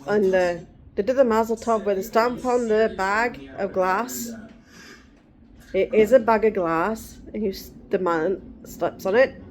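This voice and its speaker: A woman's voice: medium pitch, a little slow. A middle-aged woman vlogging in casual chat, rambling and digressive.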